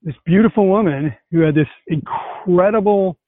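A man's voice: high-pitched, moderate pace. A male host telling a story with enthusiasm and animation in a casual conversation over a video call. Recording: tinny call audio, dry.

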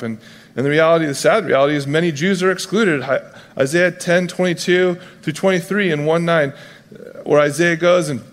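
A man delivers a sermon in a loose, conversational way, switching into quick voices to act out figures from scripture. His voice sits a bit higher than most men's. The sound carries the long reverb of a large hall. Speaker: pastor.

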